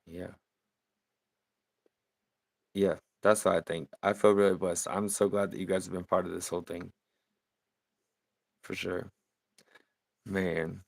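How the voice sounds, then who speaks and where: Deep gravelly man chatting while painting. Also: a little slow, long pauses, dry recording. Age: 30s. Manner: relaxed, rambling, laughs easily. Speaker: livestreaming painter. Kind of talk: casual live-stream chat while painting.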